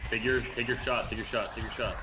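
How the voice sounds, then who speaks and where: A man in voice chat as a teammate, making urgent rapid callouts. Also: medium pitch, fairly even intonation, background noise. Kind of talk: gameplay voice chat.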